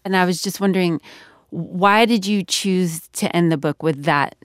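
A woman's voice: fairly low pitch, moderate pace, dry recording, clean studio sound. A woman co-hosting a public radio podcast, speaking in a conversational way. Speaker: podcast co-host. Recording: music playing under voice.

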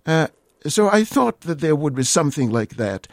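A man's voice: fairly high pitch, sing-song, moderate pace, no room sound, clean studio sound. A man, a guest linguist on a radio call-in show, explaining word origins in a hesitant, lecturing way with many fillers.

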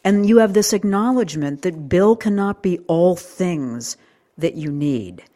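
A woman interview host introducing her show and framing questions for an author in a curious, measured way. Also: fairly low pitch, expressive, dark tone. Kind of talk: interview hosting.

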